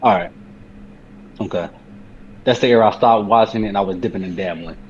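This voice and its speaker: A man's voice: on the low side, fairly quick. A man co-hosting a casual wrestling talk show, blunt and dismissive in his opinions. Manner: blunt, hesitant with fillers, dismissive. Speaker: podcast co-host. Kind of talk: casual chat about wrestling. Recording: slightly dull lo-fi sound with faint noise.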